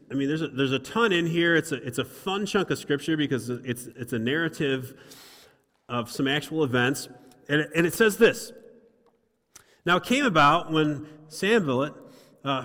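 Man preaching in a reverberant hall. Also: on the high side. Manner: conversational, repeats words, builds to animated emphasis. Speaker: pastor. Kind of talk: sermon. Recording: long reverb of a large room.

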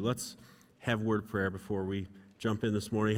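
A man's voice: fairly low pitch, little pitch movement, normal speed. A middle-aged male pastor preaching a sermon, chatty and self-deprecating as he tells stories from the pulpit. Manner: conversational, self-deprecating storytelling. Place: church sanctuary. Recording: long reverb in a hall.

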